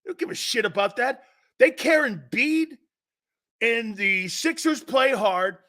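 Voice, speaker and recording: A brash, middle-aged man hosts a sports talk show, cracking profane jokes and laughing as he rambles. His voice sits fairly high for a man and sounds bright and sharp. He talks in a loose, rolling monologue. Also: lively intonation, measured pace.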